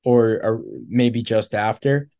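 Low-key man co-hosting a chat. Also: fairly even intonation, slow pace, warm tone, smooth. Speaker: podcast co-host. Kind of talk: casual sports chat.

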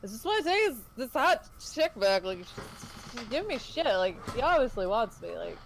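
A woman's voice: a little high, very animated, normal speed, a little hiss or hum, poor audio. A woman voicing a drunk, heartbroken man who swears and whines. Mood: bitter. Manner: slurring, profane, whiny.

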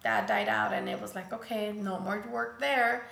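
Woman storyteller, gravelly edge, casual and expressive, switches languages freely, roomy sound. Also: medium pitch, normal speed. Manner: switches between English and Spanish mid-sentence; acts out quoted voices, turns emotional.

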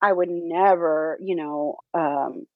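A woman's voice: on the low side, no echo, phone-quality sound. Chatty woman full of fillers. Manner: halting, many fillers, laughs often. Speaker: theater teacher, interview guest. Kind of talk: casual interview chat.

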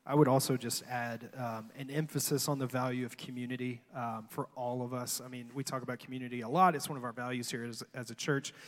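A man pastor talks in a relaxed, easygoing way, dropping frequent ums and quick jokes. His voice sits at a middle pitch. A long reverb from a big church hall trails behind him. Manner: relaxed, joking, many ums. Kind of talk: church Q&A hosting.

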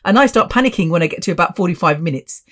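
A woman's voice: on the low side, expressive, very fast, fairly bright tone. A woman in her fifties hosting her own podcast, chatty and rambling with asides. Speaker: podcast host. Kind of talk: casual solo podcast chat.

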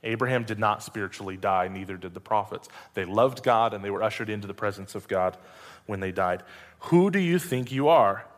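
A man's voice: on the low side, fairly even intonation, brisk, fairly bright tone. A male preacher reading scripture aloud and breaking in with conversational asides and rhetorical questions. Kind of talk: Bible reading with sermon commentary. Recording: long reverb hall.

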